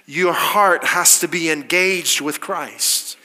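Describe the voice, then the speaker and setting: Male pastor, emphatic sermon delivery, brighter and higher than most men, long hall echo. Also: takes it slowly. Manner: emphatic, rhetorical questions, quoting scripture. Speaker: preacher.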